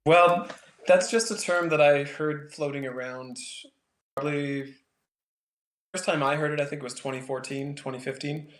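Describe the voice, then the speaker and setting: A man from Canada explains his painting in a relaxed interview, wandering through his thoughts with plenty of fillers. His voice stays even and steady in pitch, and the room around him echoes noticeably. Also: normal speed. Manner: thoughtful, rambling with many fillers. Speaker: painter, guest. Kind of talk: casual interview conversation.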